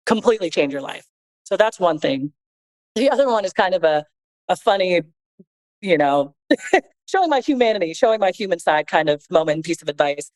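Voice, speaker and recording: A woman's voice: on the low side, rough recording. A woman talking as a podcast guest and co-author, sharing advice in an earnest, reflective, conversational way.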